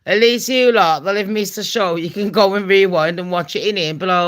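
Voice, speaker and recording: This channel host is a woman from England with a Birmingham accent, running a casual live-stream chat that's blunt, gossipy and foul-mouthed. She slips into mock voices and accents now and then. Her pitch is medium, and she talks fairly quickly with hardly any pauses.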